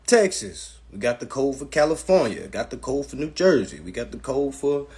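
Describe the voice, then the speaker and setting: A man in the middle of a casual live stream, talking to his chat in a blunt and profane way. His voice sits at an ordinary pitch, and he rants at the viewers as he goes, recorded on a phone. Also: expressive, brisk, a little mellow. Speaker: live-stream host teaching a class.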